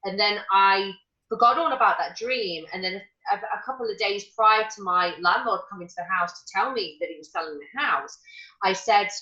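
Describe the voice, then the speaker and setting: Woman guest, bright animated storyteller, roomy echo. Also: medium pitch, moderate pace, highs cut off. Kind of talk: casual chat.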